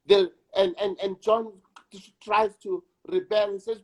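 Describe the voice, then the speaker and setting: Guest spot: slow-speaking husky South African actor-director, deliberate and emphatic. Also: male voice, sits high, steady tone. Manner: slow, emphatic, repeats words for weight. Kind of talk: reflective conversation.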